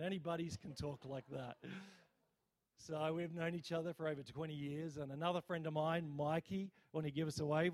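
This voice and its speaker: A man, a visiting preacher leading a healing prayer and sermon in a church, energetically rallying the crowd for responses. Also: fairly high pitch. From Australia. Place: church service.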